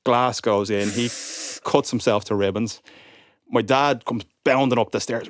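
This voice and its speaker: A young man with a somewhat low voice, spinning a lively anecdote for a podcast. He slips into other people's voices as he quotes them. The recording is dry and close to the mic. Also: brisk, dry recording. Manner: animated, acts out quotes of others. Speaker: podcast guest. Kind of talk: casual storytelling chat.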